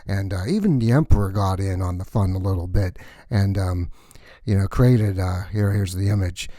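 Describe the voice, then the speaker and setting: A man doing a gossipy cleaner from a space station, rambling and chatty, full of asides. His voice is low and mellow, and it sounds dry and close. A comic sketch told as backstage gossip. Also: normal speed, no room sound, natural voice.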